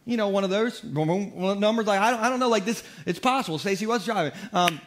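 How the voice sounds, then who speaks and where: A man with a high voice preaches in church, storytelling with comic timing. He pokes fun at himself and moves fast between jokes and the point of the sermon. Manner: comedic storytelling, animated, self-deprecating. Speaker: pastor.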